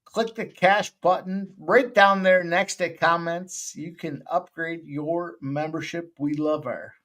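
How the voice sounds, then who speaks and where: A man hosting a live betting stream, joking loudly and swearing in casual banter with his co-host. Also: a little high, slow. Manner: loud, joking, profane banter.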